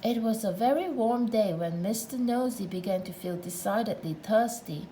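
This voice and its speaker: A woman's voice: medium pitch, lively intonation, moderate pace, mellow, a little hiss or hum, rough recording. A woman narrating a children's storybook aloud, with playful asides to the listener.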